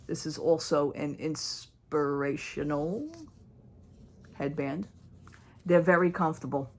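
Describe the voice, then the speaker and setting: A woman's voice: low voice, fairly even intonation, takes it slowly. A woman in casual show-and-tell chat, rambling and restarting as she shows off bargain jewelry. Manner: chatty, rambling, with frequent restarts and fillers. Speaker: haul vlogger.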